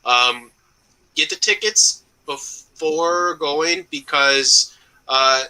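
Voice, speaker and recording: A man co-hosting a wrestling podcast in casual chat, measured and deliberate. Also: on the high side, pushed and bright, smooth, low-quality recording. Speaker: podcast co-host.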